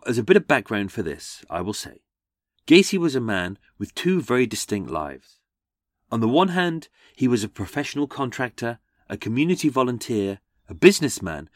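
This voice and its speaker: A man's voice: on the low side, dry recording, studio quality. A man hosting a comedic true-crime podcast, sardonic with jokey asides. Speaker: podcast host.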